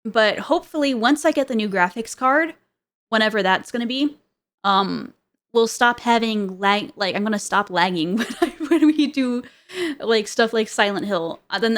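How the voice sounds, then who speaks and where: A woman's voice: mid-range voice, expressive, moderate pace, fairly bright tone. A woman streamer in casual chat, rambling with many fillers and frequent giggles.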